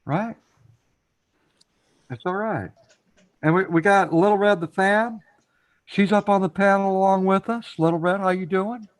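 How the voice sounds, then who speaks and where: A man with a high-pitched voice speaks unhurriedly and pauses often while hosting a casual live stream panel. He invites guests up to talk, repeats his phrases frequently and speaks right to the chat.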